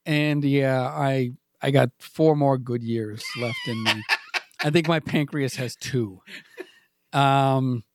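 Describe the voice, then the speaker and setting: A man's voice: medium pitch, takes it slowly, a little hiss or hum. A man in his forties hosting a comedy podcast, rambling and self-mocking, trailing off into stammered restarts. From New England. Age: 40s. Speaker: podcast host.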